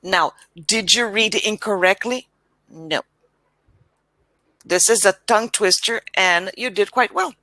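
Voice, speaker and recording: A woman English tutor on a video call, speaking in a deliberately unhurried, crisp-toned way. She is patient and encouraging, modelling each word with careful enunciation, over a dry close line. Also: mid-range voice, pushed and bright, dry recording. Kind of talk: online one-on-one language lesson.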